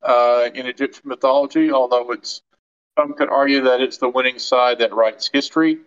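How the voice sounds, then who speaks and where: A man running a tabletop game as game master, explaining in a halting way with many fillers. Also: mid-range voice, fairly even intonation, fairly bright tone, clear, resonant tone, muffled recording.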